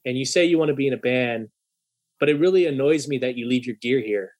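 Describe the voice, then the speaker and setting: Talking fast in a medium pitch, a young man recounts a story with plenty of swearing. He animatedly acts out a heated argument, voicing the lines as quoted dialogue.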